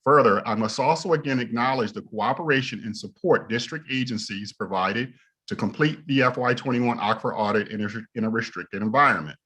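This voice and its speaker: A man, an inspector general, reading prepared opening remarks at a hearing in a steady, formal way. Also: medium pitch, a little fast, slightly rough.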